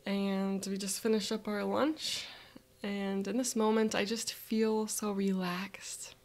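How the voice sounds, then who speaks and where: A woman leading a guided visualization, telling a relaxed, chatty first-person story in the present tense. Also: medium pitch, takes it slowly.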